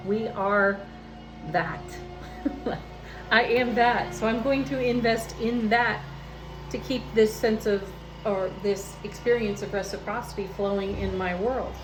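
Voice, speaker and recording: A woman giving a casual spiritual tarot reading from home, gentle and soft-spoken, often laughing lightly. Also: medium pitch, steady tone, a little slow, music in the background, rough recording. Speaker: tarot reader. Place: home, with landscaping crew outside.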